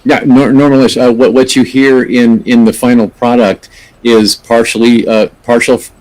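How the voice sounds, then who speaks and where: A man's voice: mid-range voice, little pitch movement, normal speed, darkish tone, poor audio. A middle-aged man, an actor, giving thoughtful, earnest answers in an interview and often restarting his sentences. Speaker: actor, podcast guest.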